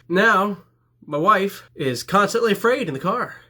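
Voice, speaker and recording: Man for a comedic story-time vlog, self-mocking delivery, bright slightly husky voice, highish pitch. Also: expressive, unhurried.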